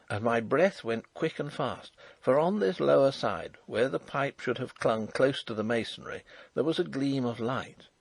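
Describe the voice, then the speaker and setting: A man narrates a first-person adventure audiobook in a measured, dramatic way. His voice is gravelly and somewhat husky, with a creaky rasp. The close mic gives a dry sound. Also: medium pitch, no room sound.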